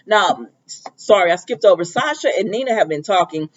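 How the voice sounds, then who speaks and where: A woman's voice: medium pitch, animated, brisk, lo-fi sound. A woman giving a casual, chatty recap of a soap opera episode, acting out the characters' lines and often trailing off with "or whatever.".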